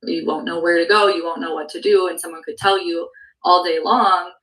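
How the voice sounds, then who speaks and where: With a lowish, slightly bright voice and fairly even intonation, a woman sales producer talks a little fast as she shares her story on a team call. She is recorded from a distance in poor audio. Her candid testimony is earnest and emotional, at times close to tears, and heavy with "like" and "um."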